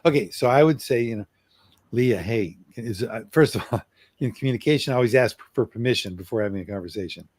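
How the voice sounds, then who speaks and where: A middle-aged man coaching on communication, acting out an apology in an earnest way and slowing down for emphasis. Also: mid-range voice, expressive, a little mellow, no room sound. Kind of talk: role-played apology demonstration.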